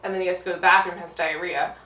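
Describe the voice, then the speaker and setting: A woman co-hosting a casual movie-review chat, animated and quick to mimic the characters she talks about. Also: lowish voice, a little hiss or hum. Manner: animated, slips into mocking voices of characters. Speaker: podcast co-host. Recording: roomy sound, mic at a distance.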